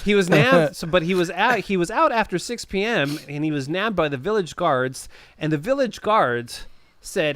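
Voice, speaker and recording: Guy on a podcast mic, high lively voice, dry sound, laughs and trips over words a lot. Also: normal speed, dry recording. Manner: laughs often, stumbles and repeats words. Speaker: podcast co-host reading news stories. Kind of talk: casual podcast banter.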